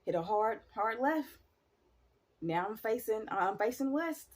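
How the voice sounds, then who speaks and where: A woman telling a spooky personal story in a casual, animated way, addressing her viewers directly and swearing freely. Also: a little high, unhurried. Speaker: storyteller vlogger.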